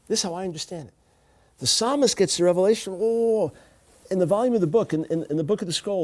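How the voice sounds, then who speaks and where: A middle-aged man teaching the Bible to camera in an animated, emphatic way, repeating key phrases. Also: sits high, fairly quick.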